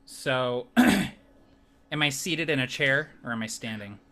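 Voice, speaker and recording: A man at a tabletop game calmly describes what his gnome character does. His voice is bright and clear-edged, and his pitch sits in the middle. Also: slow pace. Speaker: player.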